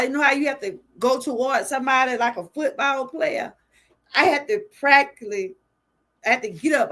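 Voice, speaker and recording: An older woman talks on her livestream in a fairly high voice. Her delivery is earnest and heartfelt, and she speaks straight to the people watching. The sound is a casual at-home webcam setup. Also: sharp tone. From Georgia, US. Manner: earnest, speaks straight to viewers, often moved. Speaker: livestream host. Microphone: webcam or phone livestream.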